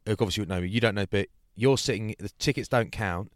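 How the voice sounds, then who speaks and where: Bloke telling a story on a podcast, lowish voice, dry close mic, does all the voices. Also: male voice, quick pace, dry recording. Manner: animated, acts out voices in his stories. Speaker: podcast co-host. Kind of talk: casual storytelling chat.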